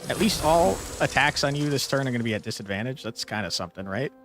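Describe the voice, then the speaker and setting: Gravelly young man narrating his gameplay. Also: medium pitch, expressive, fast, background noise. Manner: playful, swears freely, mock outrage. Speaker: gaming streamer. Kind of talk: casual gameplay commentary. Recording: faint background game music.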